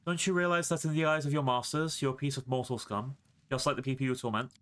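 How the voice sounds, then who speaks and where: A man's voice: mid-range voice, steady tone, fast talker, fairly bright tone, close to an everyday voice. A man voicing a sinister male count who speaks in a chilling, insinuating way. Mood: menacing.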